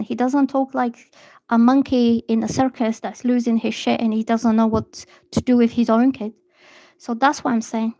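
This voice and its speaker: A woman chatting bluntly on a livestream as a tarot reader, telling a story in an animated way. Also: a little high, moderate pace, dry recording. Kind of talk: casual livestream chat. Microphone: phone or laptop.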